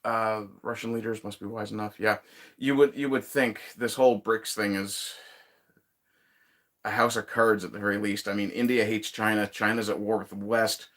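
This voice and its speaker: Streamer, male, low voice, loose and sweary, chuckles often, reads chat aloud. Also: little pitch movement, moderate pace, a bit bright. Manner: laid-back and profane, with frequent chuckles. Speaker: livestream host reading viewer chat. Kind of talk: casual rambling chat. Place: woodshed.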